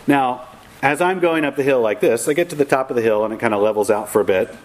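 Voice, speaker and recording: Storyteller: middle-aged man, wry and self-deprecating, mid pitch, faint noise behind. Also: fast, rough recording. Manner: wry, self-mocking, animated quoting of others. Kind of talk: humorous personal storytelling.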